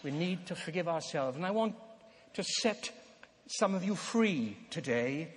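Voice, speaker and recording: An older man delivers a sermon in an earnest, emphatic way, slowing down for dramatic pauses. His voice sits high for a man. The sound carries the long reverb of a big hall. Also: animated, slight background noise. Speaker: preacher.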